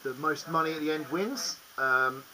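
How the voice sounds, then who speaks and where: A man explaining board game rules casually and haltingly, with many ums and restarts. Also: on the high side, sharp tone, a little hiss or hum, low-quality recording.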